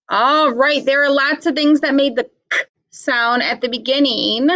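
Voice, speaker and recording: A woman teacher giving a phonics lesson to young children and reading a picture book aloud, slow and clear, with lots of encouragement. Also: high-pitched, lo-fi sound.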